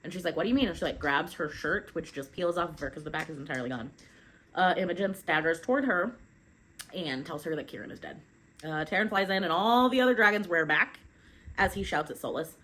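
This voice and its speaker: A young adult woman recaps a novel chapter by chapter, summarizing quickly, reading quotes aloud, and filling her chatty talk with fillers. Her fairly low voice is expressive with a fairly bright tone, but the recording is rough.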